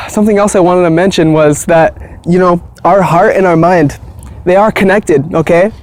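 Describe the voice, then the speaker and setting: A man's voice: sits high, unhurried, darkish tone. A man talking casually to camera about spirituality, earnest and reassuring, often repeating himself and checking in with "okay?". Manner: soothing, reassuring. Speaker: spiritual vlogger.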